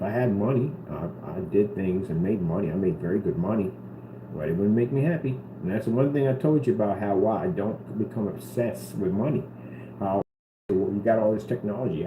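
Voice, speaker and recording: A man vlogging to the camera in an earnest, rambling way, often repeating himself. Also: deep voice. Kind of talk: casual talk to camera. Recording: roomy with steady background noise.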